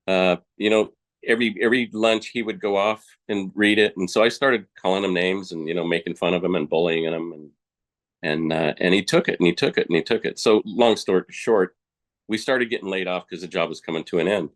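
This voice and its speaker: A man's voice: sits low, fairly even intonation, fairly quick. A man, a podcast guest, telling his personal story in a frank, colloquial, plainspoken way.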